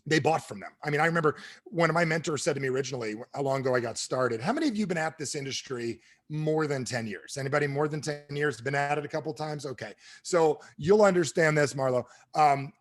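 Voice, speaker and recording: A middle-aged man giving a motivational sales talk to an audience, telling stories quickly and with animation. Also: fairly high pitch. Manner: fast-talking, animated storyteller. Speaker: sales trainer and speaker.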